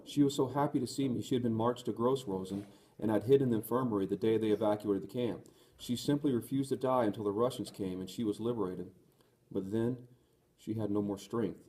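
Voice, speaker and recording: A man reading the part of a young woman who is tender and resolute, in an earnest, gentle voice. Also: lowish voice, a little fast, close to an everyday voice. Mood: grieving.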